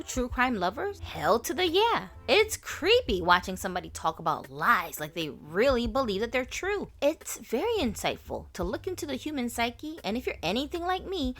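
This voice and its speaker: A woman's voice: a little high, fairly bright tone. A woman hosting a casual commentary vlog, sassy and opinionated, talking straight to her viewers. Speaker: vlogger host.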